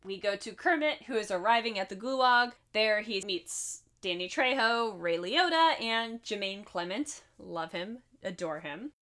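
A woman's voice: medium pitch, animated, unhurried, few pauses, a bit bright. Chatty woman co-hosting a film recap. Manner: chatty and laughing, with asides. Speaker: podcast co-host. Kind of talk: casual chat recapping a film.

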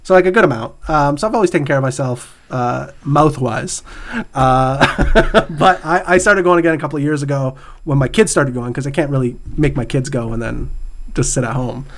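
A man's voice: medium pitch, moderate pace. A middle-aged man hosting a podcast, chatting casually, laughing often and reading out questions. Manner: laughs often, reads out would-you-rather questions. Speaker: podcast host. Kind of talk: casual chat.

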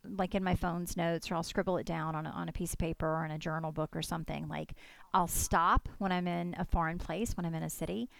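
A woman co-hosting a podcast with a lowish, gravelly voice. She talks in a chatty, thinking-aloud way, full of "like"s and restarts. The sound is close and dry. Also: no room sound. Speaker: podcast co-host. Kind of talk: casual chat.

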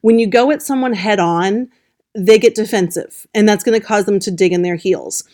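A woman journalist, a guest on a podcast, explaining in a gentle way with frequent restarts. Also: medium pitch, moderate pace. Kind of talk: podcast interview.

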